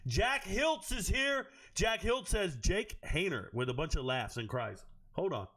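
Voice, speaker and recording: A man hosting a livestream, reading chat aloud and riffing on each pick with loud, profane joking. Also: sits high. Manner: quick, animated jumps between chat and draft picks. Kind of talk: casual livestream commentary.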